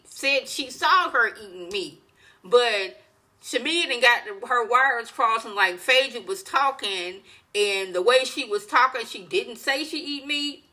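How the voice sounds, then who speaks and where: A woman YouTuber giving a casual, animated recap of a reality show, talking with dramatic exclamations. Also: mid-range voice.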